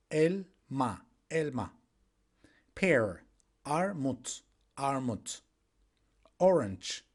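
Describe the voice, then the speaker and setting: Slow, patient male language teacher. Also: medium pitch, darkish tone. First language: Turkish. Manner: slow, patient, repeats each word several times; many "uh" fillers while explaining. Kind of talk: online language lesson.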